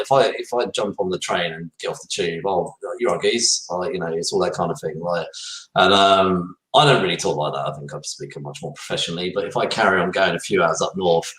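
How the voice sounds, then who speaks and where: A man's voice: sits low, a bit bright. A young English man from near London, telling stories in a rambling way with lots of fillers on a live chat show. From England. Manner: rambling, many fillers and restarts, laughs often. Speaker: podcast guest. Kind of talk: casual chat on a live stream. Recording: echoey, distant from the mic.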